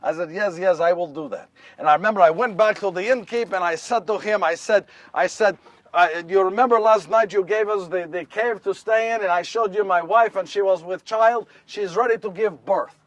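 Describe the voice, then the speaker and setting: A man's voice: sits high, moderate pace, no room sound, recorded from a distance, close to an everyday voice. A man playing young nervous Joseph. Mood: wry. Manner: repetitive, wry storytelling with self-corrections. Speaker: solo stage performer. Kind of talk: first-person dramatic monologue. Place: live stage before an audience.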